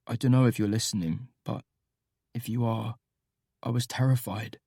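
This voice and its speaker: A man voicing a shy, remorseful teenage boy who confesses in a hushed, halting whisper. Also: medium pitch, steady tone, husky, dry recording, studio quality, voice pushed down.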